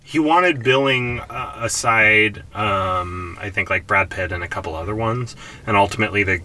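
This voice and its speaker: A man co-hosting a casual podcast with a bright, forward tone. He is playful and keeps trying out silly voices between bits of trivia. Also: on the low side, normal speed, a little hiss or hum. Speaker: podcast co-host. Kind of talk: casual chat.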